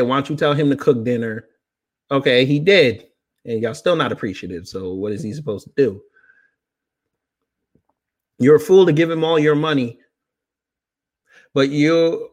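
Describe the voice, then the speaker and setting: A man in his thirties from New York, hosting a casual talk show, reading from a book and breaking off with teasing asides. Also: medium pitch. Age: 30s. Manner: loose, joking, with teasing asides. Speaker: podcast host.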